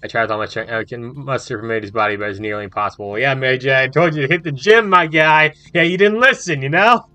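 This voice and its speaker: A young man reading a visual novel aloud with animated, swearing reactions as a gaming host. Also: medium pitch, fast, few pauses, no echo, rough recording.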